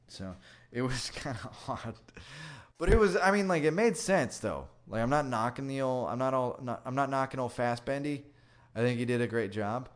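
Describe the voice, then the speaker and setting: A man riffing on a movie in a rambling, sweary comedic rant full of fillers. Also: mid-range voice. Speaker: comedy commentator.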